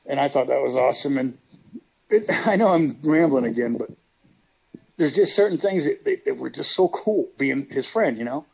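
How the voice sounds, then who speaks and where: A man with a gravelly, husky voice tells rambling, profane stories in a casual interview, laughing often. The sound is slightly dull and lo-fi. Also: mid-range voice, animated, normal speed. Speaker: guest, retired pro wrestler.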